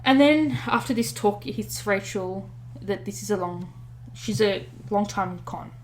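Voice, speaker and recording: A woman of middle pitch co-hosts a podcast and recounts a story in relaxed, chatty fashion. She fills gaps with ums and corrects herself mid-sentence as she goes. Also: unhurried, slight background noise. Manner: chatty retelling with many fillers and self-corrections. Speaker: podcast co-host. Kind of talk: casual storytelling chat.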